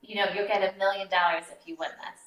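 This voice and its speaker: A woman co-hosting a podcast, excitable, giggly and playful. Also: mid-range voice, fast, a crowd in the background. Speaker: podcast co-host. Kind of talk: casual podcast chat. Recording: echoey room.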